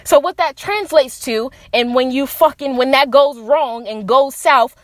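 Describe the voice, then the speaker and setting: Young woman podcaster, furious and sarcastic, swears constantly, higher voice, dead-dry sound. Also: measured pace, few pauses, no echo. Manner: angry, profane, sarcastic. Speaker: podcast host. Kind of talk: impassioned solo rant.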